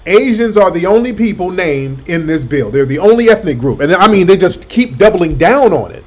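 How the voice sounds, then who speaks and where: A man's voice: high voice, lively intonation, normal speed, a little mellow. A man hosting a talk show, mocking and arguing back at a clip he plays. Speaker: radio host. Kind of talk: commentary over a played clip.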